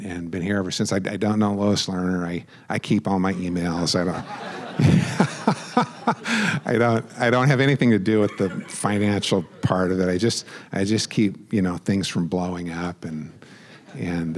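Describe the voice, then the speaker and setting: A middle-aged man giving a speech at a memorial ceremony, halting with fillers and restarts, choked up with emotion and chuckling at himself. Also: sits low. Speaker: guest speaker.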